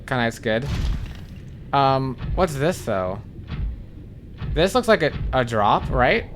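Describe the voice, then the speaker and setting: A man's voice: medium pitch, sing-song, takes it slowly, fairly bright tone, slight background noise. A man giving blind playthrough commentary on a game, jumpy and swearing, who repeats panicked phrases over and over. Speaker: gaming channel host.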